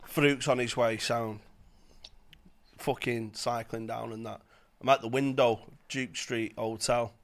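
A man's voice: medium pitch, unhurried. A man telling funny stories in a casual chat, swearing and laughing as he goes. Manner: animated storytelling, swearing, laughing.

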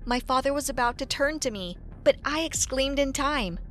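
A woman narrating a first-person story in a lively, animated way. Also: sits high, moderate pace, few pauses, faint music behind.

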